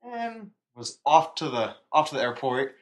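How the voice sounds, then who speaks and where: A man's voice: a little high, sing-song, measured pace. A young man co-hosting a podcast, telling a story in casual, rambling chat and laughing at himself. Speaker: podcast co-host.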